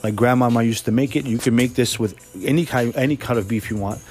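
A man's voice: mid-range voice, fast, darkish tone. Young male podcast host, mid-range voice, loose and profane, rambles through his stories over faint music. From New Jersey. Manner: profane, rambling, self-correcting. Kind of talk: casual solo podcast storytelling.

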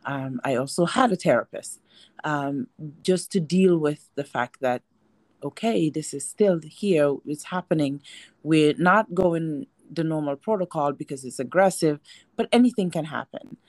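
Low-voiced woman, candid and reflective. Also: unhurried, a little mellow, dry recording. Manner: candid, reflective, frequent restarts. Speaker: guest, breast cancer survivor and advocate. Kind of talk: casual panel discussion.

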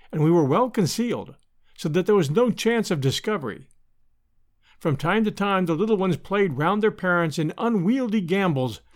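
A male narrator reads an adventure novel aloud in scripted narration, measured yet expressive. His voice sits fairly high and moves with lively, wide-ranging intonation. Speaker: audiobook narrator.

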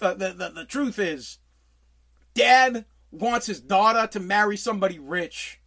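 Brief: forties New guy, radio regular, blunt profane rant, swings loud. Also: high voice, animated, normal speed. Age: 40s. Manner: profane, blunt, loud bursts when riled. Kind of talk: casual rant.

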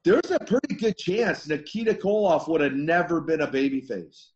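A man's voice: a little high, expressive, normal speed, darkish tone, lo-fi sound. A man in his sixties, a former wrestler as guest, telling stories animatedly, laughing and restarting his sentences. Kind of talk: casual interview storytelling.

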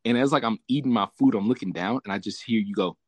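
This man's voice sits on the low side and moves at a quick pace, captured in a dry recording. Hosting a casual podcast chat, the Southern California native tells an animated story full of swearing and laughing.

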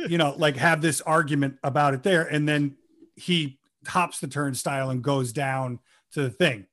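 A man with a slightly raised voice tells a lively story from a film set. He swears freely and acts out the lines as he goes. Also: on the high side, normal speed. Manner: animated, profane storytelling. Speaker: guest actor recalling a role. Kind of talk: casual podcast chat.

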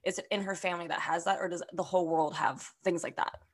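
A woman's voice: on the low side, fairly even intonation, fast, slightly rough. A young woman hosting a podcast, eagerly asking questions and chatting about books. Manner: eager, asks questions, enthusiastic. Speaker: podcast host. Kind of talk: casual book chat.

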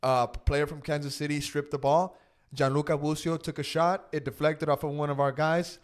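Animated man hosting a soccer chat. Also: a little high, normal speed. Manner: animated, swears casually, leads the talk. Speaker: podcast host. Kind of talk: casual sports chat.

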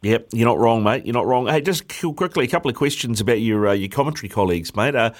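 A man's voice: mid-range voice, expressive, fast. A man hosting a radio show, chatting in an easygoing, matey way. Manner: matey, easygoing, says mate often. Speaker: radio host. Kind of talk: casual radio chat.

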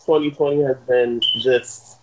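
A man's voice: mid-range voice, steady tone, a little slow, muffled recording, a little hiss or hum. Joking podcast co-host man over Skype. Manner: playful, teasing, loose with profanity. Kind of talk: casual banter. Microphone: Skype call. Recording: uneven call audio.

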